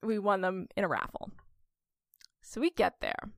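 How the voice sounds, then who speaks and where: Chatty woman with a gravelly voice. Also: medium pitch, unhurried, dry recording, clean studio sound. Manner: animated storyteller, laughs often. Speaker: podcast co-host. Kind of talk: casual chat.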